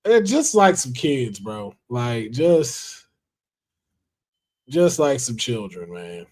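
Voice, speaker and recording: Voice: mid-range voice, very animated, slow, a little mellow. A co-host giving casual live commentary during a watch-along, talking bluntly with slang and swearing. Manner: blunt and profane, riffing with slang.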